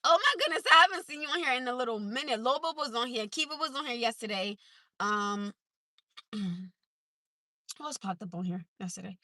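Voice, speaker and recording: A woman with hosting a casual live stream from her parked car, laughing often and talking in slangy, animated bursts. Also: fairly high pitch, fairly quick, pauses often, no room sound. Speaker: livestream host.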